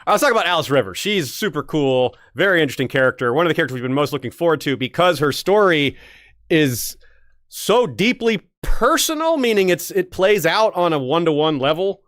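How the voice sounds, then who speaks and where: Animated man chatting with lively pitch. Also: a little fast, no room sound, clean studio sound. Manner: rambling, with frequent laughs and restarts. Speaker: podcast co-host. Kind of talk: casual discussion.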